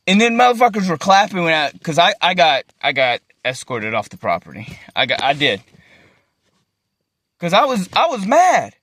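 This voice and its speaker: A man's voice: high-pitched, a bit bright, dry recording. A young man, ranting to his phone camera in an agitated, profane way and repeating himself. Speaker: vlogger. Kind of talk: emotional rant to camera.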